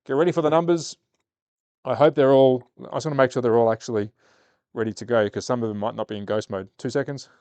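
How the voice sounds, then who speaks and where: A man's voice: mid-range voice, fast, smooth, no room sound. A man with an Australian accent hosting a live slot car stream, chatting casually with viewers and calling the race. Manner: casual, talks to chat, turns excited calling the race. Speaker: slot car livestream host.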